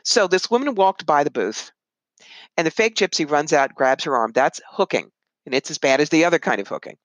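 A woman psychic medium and author, a guest in an interview, telling animated stories and putting on voices when she quotes people. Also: deep voice, fairly quick, no room sound, poor audio. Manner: animated, puts on voices when quoting others. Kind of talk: conversational interview storytelling.

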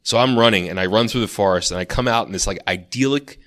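A man's voice: lowish voice, fast, fairly bright tone. A man co-hosting a podcast, casually telling a long dream story, full of "like" and restarts. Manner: rambling storyteller, lots of "like". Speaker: podcast co-host.

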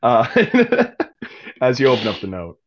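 A man's voice: medium pitch, huge pitch swings, slow pace, a little hiss or hum. A man narrating a tabletop game as game master, casual, laughing often and swearing. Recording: dull lo-fi audio.

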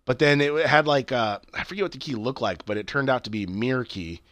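A man's voice: mid-range voice, fast talker, a bit bright, no room sound. A man chatting casually as a podcast co-host, rambling with many fillers and restarts and swearing freely. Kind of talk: casual chat recapping a TV show.

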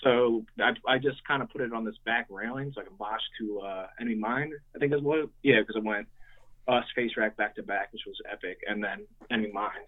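A young man, a musician, telling stories casually with lots of fillers and swearing. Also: lowish voice. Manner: rambling, swears freely, many fillers. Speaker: guest, hardcore band musician. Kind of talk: casual storytelling. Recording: tinny phone-like line.

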